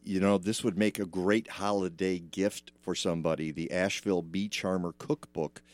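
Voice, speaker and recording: A man's voice: low voice, fairly even intonation, normal speed, no room sound. A man hosting a radio show from a studio, chatting casually and rambling, with plenty of filler.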